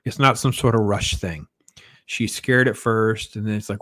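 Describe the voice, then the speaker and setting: A man's voice: fairly low pitch, steady tone, normal speed, fairly bright tone, no room sound, studio quality. A man giving a casual, enthusiastic film review, rambling with lots of fillers and restarts. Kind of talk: casual spoken movie review.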